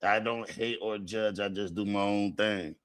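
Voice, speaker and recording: A low-voiced man hosting a livestream, delivering a heated, mocking rant full of swearing. He jumps from loud outbursts to quiet, muttered asides. His voice sounds dry and close, with no room around it. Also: fairly even intonation, a little slow, no echo. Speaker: livestream host.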